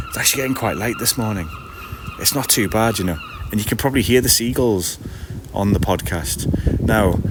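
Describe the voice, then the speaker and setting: A man, chatting casually and self-deprecatingly to a live-stream audience from an outdoor market stall, laughing often. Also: low voice. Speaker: streamer and podcast host. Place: outdoor market stall in the early morning, seagulls around. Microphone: iPad. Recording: outdoor background noise.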